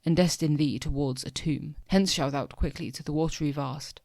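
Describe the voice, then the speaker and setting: A man's voice: on the high side, moderate pace, creaky, a little mellow, dry recording. A young man reading the part of a cruel sorceress goddess, taunting in mock-tender verse.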